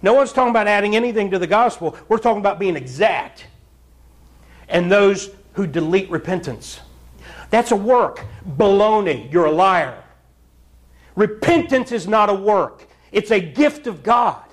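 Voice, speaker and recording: Man, pastor, fiery sermon, blunt and scolding, high voice. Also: lively intonation, normal speed. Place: church.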